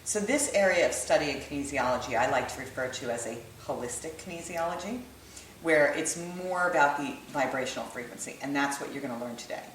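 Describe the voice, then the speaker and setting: A woman's voice: low voice, expressive, fairly quick, slight background noise. A woman teaching holistic kinesiology in a conversational way, often checking in with her listeners as she explains. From United States. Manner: conversational, checks in with "right?" and "okay?". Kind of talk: explanatory lesson to camera. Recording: echoey room, voice from a distance.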